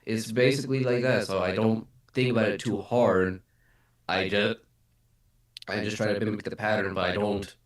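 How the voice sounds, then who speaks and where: A man's voice: lowish voice, fairly even intonation, moderate pace. A man chatting casually in a group meeting, rambling loosely with fillers. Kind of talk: casual chat. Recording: echoey room, far from mic.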